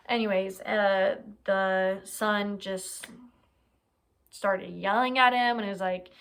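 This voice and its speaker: A young woman casually retelling a true crime story, chatty and full of filler words and quick asides. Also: medium pitch, steady tone, a bit bright, clean tone.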